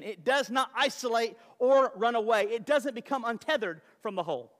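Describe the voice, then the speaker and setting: A male pastor preaching with a high voice, shifting from forceful declarations to quiet, conversational storytelling. His sermon rings out through the long reverb of a church sanctuary. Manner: passionate, storytelling, swings between loud and soft.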